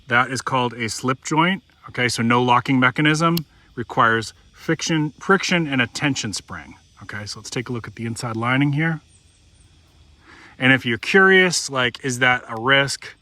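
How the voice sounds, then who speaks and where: A man's voice: mid-range voice, bright, forceful tone. A middle-aged man casually reviewing a pocket knife, talking folksy and demonstrating as he goes. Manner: conversational, demonstrating as he talks, folksy.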